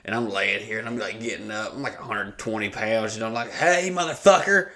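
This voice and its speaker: A man's voice: fairly low pitch, brisk, pushed and bright. A young adult man hosting a podcast, casually telling a rambling, profane story full of fillers. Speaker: podcast host.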